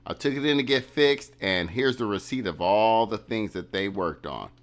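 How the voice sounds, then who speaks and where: A man with a lowish voice, hosting his own vlog and telling a story in a loose, animated way. He repeats his catchphrases and slips into quick impressions of the people he quotes. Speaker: vlogger.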